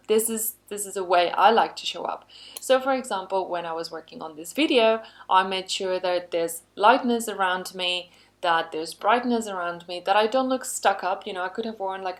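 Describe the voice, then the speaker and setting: Chatty woman trainer, upbeat and conversational. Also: mid-range voice. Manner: chatty, frequent "you know" asides, upbeat emphasis. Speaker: workplace skills trainer. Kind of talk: conversational online lesson.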